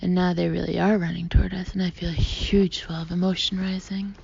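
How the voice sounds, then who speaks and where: A woman narrating an audiobook in the first person, expressive, often sinking to a breathy half-whisper. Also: on the low side, fairly quick. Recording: muffled lo-fi audio with faint hiss.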